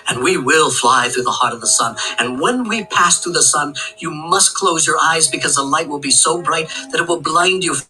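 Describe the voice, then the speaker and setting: Storytelling, a solemn eagle voiced by a man, deep and deliberate, with music faint behind. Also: pushed and bright, poor audio. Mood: warning. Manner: slow, grave and formal. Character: wise solemn male eagle.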